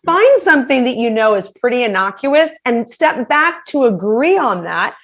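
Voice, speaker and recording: A woman's voice: fairly high pitch, moderate pace. A woman giving practical communication advice as an interview guest, talking animatedly and acting out example phrases. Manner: animated, acts out quoted phrases in shifting voices.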